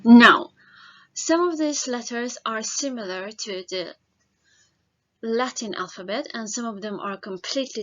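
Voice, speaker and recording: A woman teacher takes a beginner's lesson at a very unhurried pace. She draws out every letter and word with deliberate care. The recording sounds a little dull and lo-fi. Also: medium pitch, a bit bright. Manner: careful, drawn-out pronunciation of each letter and word. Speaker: language teacher. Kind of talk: slow, deliberate alphabet lesson.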